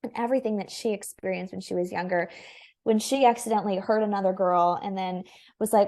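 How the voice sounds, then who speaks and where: A young woman shares a personal story as an interview guest. She talks in an earnest, candid way and scatters filler "likes" through her sentences. Her pitch sits in the middle range. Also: fairly even intonation, brisk, darkish tone.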